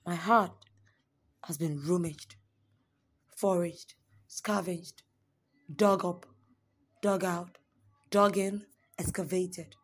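A young woman performing spoken word poetry, dramatic, swinging between raised pleading lines and hushed whispers. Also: fairly low pitch, fairly even intonation, extremely slow, long pauses, husky.

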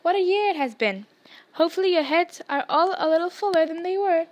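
A woman's voice: extremely high pitch, fairly quick, a little mellow, dull audio, pitched above the performer's own voice. A woman voicing a cheerful, whimsical old male headmaster who rambles.

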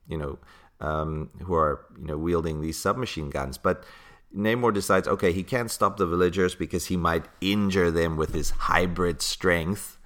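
Deep-voiced male podcast host, casual and chatty, laughs often. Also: steady tone, normal speed, a bit bright. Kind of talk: casual chat about comics.

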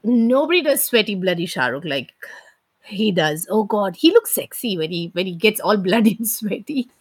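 A woman talks films on a podcast in a relaxed, chatty way, her voice a little husky. The sound is dry and close. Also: mid-range voice, moderate pace, no echo. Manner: relaxed, chatty, many fillers. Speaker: podcast co-host. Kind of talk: casual film chat.

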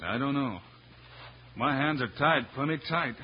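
An actor playing a calm, steady frontier lawman in a 1950s radio western, speaking in an easy drawl. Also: mid-range voice, a little slow, close to an everyday voice. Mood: weary. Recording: muffled old broadcast with faint hiss.

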